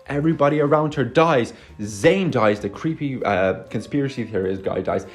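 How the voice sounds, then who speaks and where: A man's voice: mid-range voice, moderate pace. A man giving a casual movie review, sarcastic and exasperated, swearing often. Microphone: phone.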